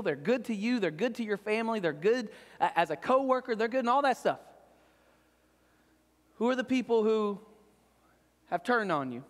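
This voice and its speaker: A man's voice: high voice, in a large hall. A man preaching a sermon as pastor, earnest and often checking in with "right?". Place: church sanctuary.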